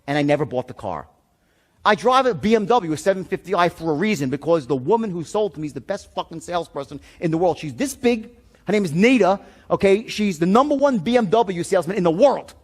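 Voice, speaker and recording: A man's voice: sits high, lively intonation, quick pace. A middle-aged man teaching sales in a blunt, profane seminar storytelling style. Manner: blunt, swearing, emphatic. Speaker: sales trainer.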